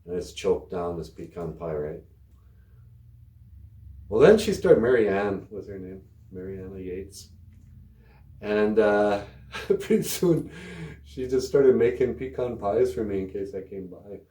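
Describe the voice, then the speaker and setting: A man's voice: on the low side, lively intonation, unhurried, long pauses, warm tone, roomy sound. A man hosting a language podcast, telling casual stories and laughing often as he goes. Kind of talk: casual storytelling lesson.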